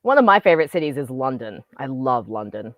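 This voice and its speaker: Animated woman in her forties. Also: rumbling low, a little fast, no room sound, muffled recording. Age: 40s. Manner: opinionated, animated commentary. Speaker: guest film commentator. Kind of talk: casual chat.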